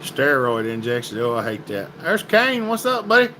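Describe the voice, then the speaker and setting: A man's voice: mid-range voice, big pitch swings, moderate pace, sharp tone, slight background noise, poor audio. A man hosting a casual livestream, reading viewer comments and greeting people by name in a folksy, chatty way. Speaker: livestream host.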